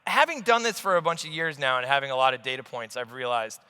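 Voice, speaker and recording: A man in his forties talks in an animated, blunt way at a conference, swearing freely. His voice is bright and forceful. The sound carries a long reverb from a large hall. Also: mid-range voice, fast talker, clean tone. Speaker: investor guest. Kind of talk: on-stage conversation.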